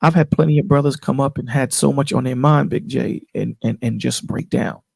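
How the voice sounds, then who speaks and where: A man with a gravelly, husky voice, pitched a little high and dark in tone. He talks in a casual, preachy way and keeps checking in with his listener. The sound is dry and close, like a voice call. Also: fairly even intonation, fairly quick, no room sound. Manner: preachy, emphatic, repeats "you know what I'm saying". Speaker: channel host on a panel call. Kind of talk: casual chat.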